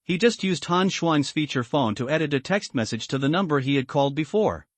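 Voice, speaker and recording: A man reading a scripted comic story recap in a slow, measured way. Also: a little high, animated, no echo. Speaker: recap narrator.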